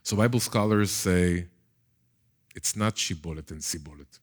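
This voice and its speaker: A man's voice: sits low, unhurried. A man with an Israeli accent, a native Hebrew speaker, teaching a Bible class in a casual lecture style, often repeating words and putting questions to his listeners.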